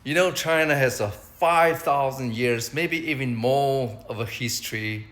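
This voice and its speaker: A man teaching beginners Mandarin, repeating each word slowly so learners can copy it. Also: mid-range voice, a bit bright, echoey room, poor audio. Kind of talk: beginner language lesson.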